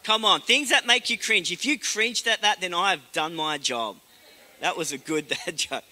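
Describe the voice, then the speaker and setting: A man preaching a sermon as a pastor, telling the story in a lively way and acting out the voices of the people in it. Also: sits high, moderate pace, long reverb tail.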